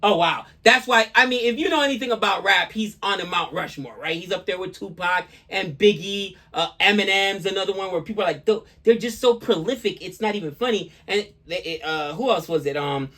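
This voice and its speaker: A man co-hosting a music reaction show, talking casually in an animated, rambling way. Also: high voice. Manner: animated, talkative, quick asides. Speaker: reaction channel co-host. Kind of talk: casual chat.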